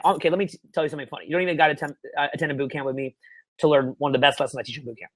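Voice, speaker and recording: Excitable profane man, dry close sound. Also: a little high, rapid-fire, dry recording. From Canada. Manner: profane, excitable, shifts between mumbled asides and loud bursts. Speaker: dating coach. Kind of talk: webinar Q&A.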